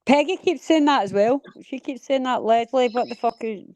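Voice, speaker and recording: A woman's voice: a little high, normal speed, darkish tone, no echo. A woman hosting a live stream in casual, sweary chat, bluntly answering the people in the chat. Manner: brash, sweary, talks back to the chat.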